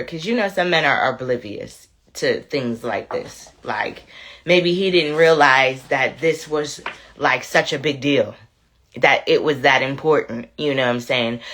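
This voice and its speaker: Low-voiced woman chatting with her viewers. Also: fairly bright tone. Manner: chatty, talks straight to viewers with "y'all" and "you know what I'm saying". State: has a cold. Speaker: livestream host. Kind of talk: casual livestream chat, reading a viewer's story.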